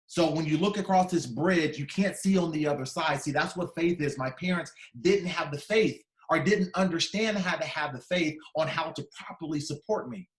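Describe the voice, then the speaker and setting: A man in his fifties tells his story to a conference hall, his voice sitting a little high for a man. He is dramatic and acts out the people he remembers. The sound rings with the echo of a large room. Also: normal speed, hardly any pauses. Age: 50s. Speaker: keynote speaker. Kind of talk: personal storytelling speech.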